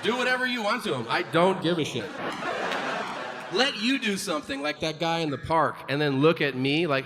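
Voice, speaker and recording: Animated man doing a stand-up set. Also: a little high, normal speed. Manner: animated storytelling, acts out voices and shouts. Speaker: stand-up comedian. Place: comedy stage before a live audience. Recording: live room with audience noise.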